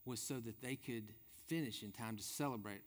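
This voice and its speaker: A man's voice: medium pitch, normal speed. A man preaching a sermon as pastor, reading scripture and adding folksy, humorous asides.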